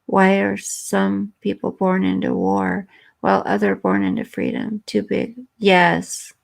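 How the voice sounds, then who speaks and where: A woman's voice: medium pitch, sing-song, measured pace, creaky. A woman hosting a live stream, chatting earnestly and emotionally with viewers and reading their comments.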